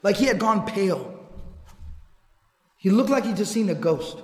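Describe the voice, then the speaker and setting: Guy giving a sermon, tells the story with lots of repeating, drops in arabic quotes, kinda high voice. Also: very animated, normal speed, darkish tone. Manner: retells narrations with repetition, quotes Arabic recitations. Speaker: preacher. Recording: echoey hall with long reverb.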